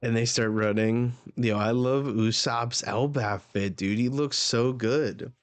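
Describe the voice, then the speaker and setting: A man's voice: mid-range voice, steady tone, takes it slowly. A man giving a casual live reaction to a comic chapter, laid-back and swearing casually. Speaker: manga reaction streamer.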